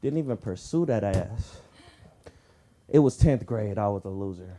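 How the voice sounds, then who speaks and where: A man's voice: fairly low pitch, expressive, measured pace, dark tone, a little hiss or hum. A man doing a stand-up set at a comedy club, talking in loose, swaggering street slang. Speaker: stand-up comic.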